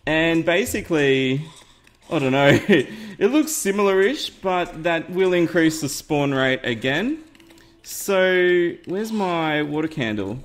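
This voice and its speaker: Upbeat man narrating a game tutorial. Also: a little high. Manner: chatty, upbeat, laughs at himself. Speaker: gaming YouTuber host. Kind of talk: casual game tutorial commentary. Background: faint game music.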